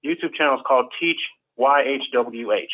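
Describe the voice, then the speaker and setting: A man's voice: medium pitch, normal speed. Earnest man on a tinny line. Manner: earnest, stammers and restarts. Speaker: ex-Jehovah's Witness panelist. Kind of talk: casual group chat.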